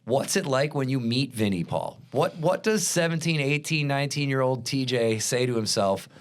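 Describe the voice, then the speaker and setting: A man's voice: mid-range voice, animated, normal speed. A man hosting a casual podcast interview, loose and enthusiastic, swearing casually as he asks questions. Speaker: podcast host.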